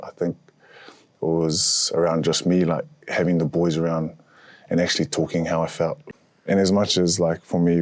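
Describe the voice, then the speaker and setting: A young man, a rugby player, talking reflectively in casual chat, pausing often with fillers. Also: low voice, a little mellow, no room sound.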